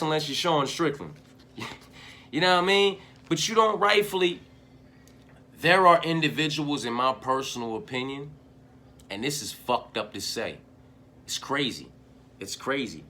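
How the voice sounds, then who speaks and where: A man giving a profane fight preview, swinging from shouted hype to low, muttered repetition. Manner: heavy profanity, repeats phrases. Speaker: MMA fight analyst.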